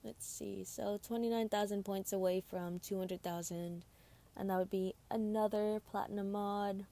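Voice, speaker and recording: A woman's voice: medium pitch, fairly even intonation, moderate pace, warm tone. A tired woman streaming a mobile game at home, chatting casually and rambling about her team. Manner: rambling, chatty, self-deprecating. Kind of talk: casual gameplay commentary.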